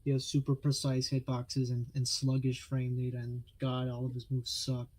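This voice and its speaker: A man's voice: mid-range voice, monotone, normal speed, a little mellow. A man co-hosting a gaming stream, talking in a laid-back, hesitant way. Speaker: streamer co-host. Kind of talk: casual gaming chat.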